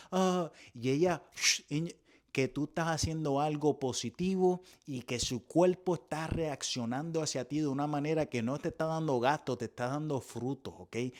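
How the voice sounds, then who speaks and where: A man spins a crude comic story in a voice that sits a little above the usual male range. He curses freely and gets loud and emphatic whenever he rants. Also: on the high side. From Puerto Rico. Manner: swears freely, switches between English and Spanish; animated, turns loud and emphatic when ranting. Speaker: comedian telling a storytime.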